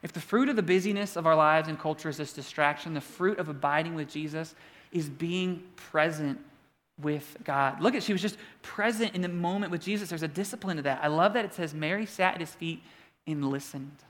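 A man in his thirties delivering a sermon, telling stories with humor and lively delivery. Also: on the high side, brisk. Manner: animated storytelling with humor. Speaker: preacher.

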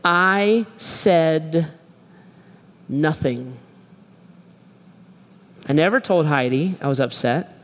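A man's voice: fairly high pitch, extremely slow, long pauses. Candid preaching man in a reverberant hall. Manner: candid and emphatic, with repeated short phrases. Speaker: pastor. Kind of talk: sermon. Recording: long reverb from a large hall.

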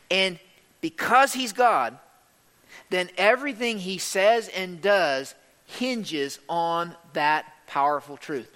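A man delivers an emphatic sermon, his voice high and bright, cutting through a hall with a long, lingering reverb. He swings between loud emphasis and hushed delivery. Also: animated, unhurried. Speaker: pastor.

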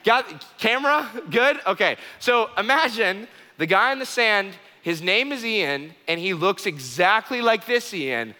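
Guy giving a sermon, kinda high pitched, jokes around and repeats himself, echoey hall. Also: measured pace, hardly any pauses. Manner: animated, joking, repeats key phrases, frequent restarts. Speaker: pastor.

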